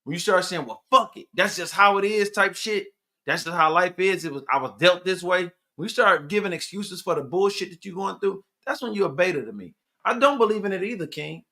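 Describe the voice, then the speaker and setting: A podcast host man talking in a casual, profane and preachy way, with sudden loud outbursts. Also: high-pitched, animated, brisk. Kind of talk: casual live podcast chat.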